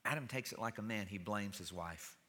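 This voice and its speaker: A man's voice: on the low side, a little fast, pushed and bright, slight background noise. A man preaching a sermon in church, in a conversational way with wry humor. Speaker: pastor. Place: church sanctuary. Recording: reverberant church hall.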